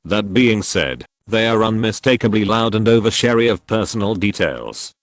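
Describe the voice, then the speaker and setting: A man's voice: lowish voice, expressive, moderate pace, dry recording. A man narrating, reading out a list of online comments. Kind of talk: scripted narration.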